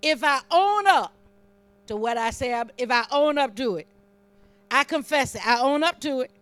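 A woman with a high voice delivers a sermon. She preaches in a fervent, conversational way, teasing the congregation between lines and building up her emphasis as she reads scripture. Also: moderate pace, clear, resonant tone, no room sound.

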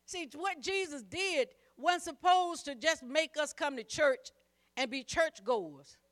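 A woman's voice: high-pitched, slow, a bit bright. A woman preacher delivering a sermon, emphatic and repetitive, calling on the congregation to repeat after her. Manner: emphatic, repeats phrases, calls on the congregation to respond.

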